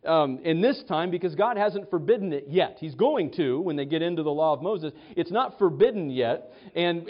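A man preaching a sermon in a conversational way, often restarting and acting out quotes. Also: sits high. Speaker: pastor. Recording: dull lo-fi sound.

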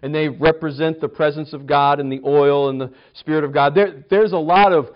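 A man's voice: fairly high pitch, steady tone, a little fast. A man teaching a conversational Bible study, chatty, with wry humor and frequent restarts. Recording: slightly dull lo-fi recording.

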